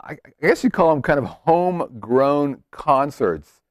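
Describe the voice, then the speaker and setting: A man's voice: fairly high pitch, animated, unhurried, dry recording, studio quality. A man co-hosting a casual chat show, playful and joking. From Las Vegas. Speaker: podcast co-host.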